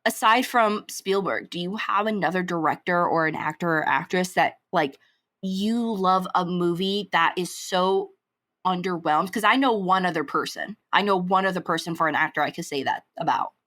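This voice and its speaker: A woman's voice: fairly low pitch, moderate pace, fairly bright tone. A young woman co-hosting a podcast, chatting casually with lots of fillers, restarts and giggles. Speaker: podcast co-host. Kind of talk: casual chat.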